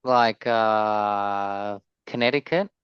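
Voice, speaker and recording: A chatty man co-hosting a podcast, firing off quick guesses in easy banter. His voice is smooth and clear at a middle pitch, recorded dry and slightly dull, like a lo-fi setup. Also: no room sound. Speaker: podcast co-host. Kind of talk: casual chat.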